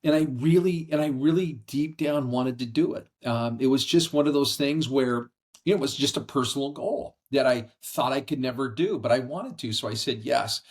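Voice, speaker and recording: A middle-aged man, a podcast guest, telling a personal story in an earnest, animated conversational way, speaking from a house. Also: mid-range voice, normal speed. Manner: earnest, animated storyteller acting out quoted voices. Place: brother-in-law's house.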